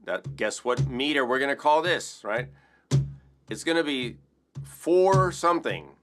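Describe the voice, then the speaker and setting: A man's voice: mid-range voice, animated, moderate pace, music in the background. A man teaching a casual rhythm lesson, upbeat and chatty, counting beats aloud. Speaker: percussion teacher.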